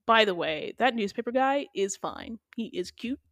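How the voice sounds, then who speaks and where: A woman's voice: medium pitch, moderate pace, vocal fry, no echo. Woman chatting on a dry podcast mic. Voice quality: animated, playful delivery with slang. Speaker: podcast host. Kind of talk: casual TV recap chat.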